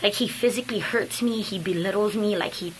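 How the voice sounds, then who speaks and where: A young woman telling her personal story in a casual, earnest and halting way, with many fillers and restarts. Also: medium pitch, a little hiss or hum, poor audio. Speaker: speaker sharing a personal story.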